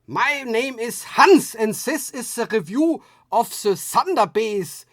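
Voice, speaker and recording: A man's voice: very high voice, expressive, slow pace, fairly bright tone, no echo, clean studio sound, voice pushed up, heavily acted. A man putting on a heavy German accent to play a pompous, overly formal male gear reviewer. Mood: mock-formal. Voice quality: stiff, exaggerated formal delivery.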